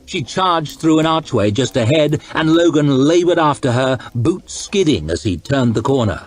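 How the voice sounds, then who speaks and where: A man reading a novel aloud in a calm, steady, soft-spoken ASMR style, with a breathy voice. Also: fairly high pitch, normal speed. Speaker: storyteller.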